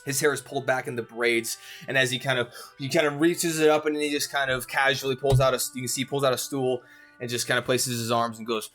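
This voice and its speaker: Bright-voiced man running a tabletop game. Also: medium pitch, steady tone, fast, soft background music. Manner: rambling, many fillers. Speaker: game master.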